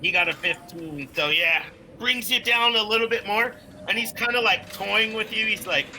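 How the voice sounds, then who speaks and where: A man's voice: high voice, moderate pace, pushed and bright, a little hiss or hum, low-quality recording. A young man narrating as game master of a tabletop game, loose and full of fillers.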